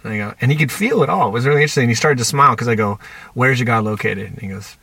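A man's voice: mid-range voice, lively intonation, rapid-fire, a bit bright, slightly rough, no room sound. A man on a podcast, a counselor talking reflectively and telling stories about his clients in quoted dialogue. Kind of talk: conversational podcast talk.

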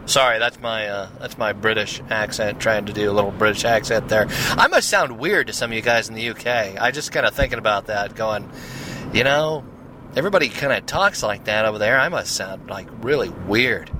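A man's voice: on the low side, a little fast, background noise. A man from the Seattle area with an American accent, hosting his podcast in a casual, rambling monologue that wanders off on tangents. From Seattle area, USA. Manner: chatty, wanders off on tangents, many fillers. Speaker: podcast host.

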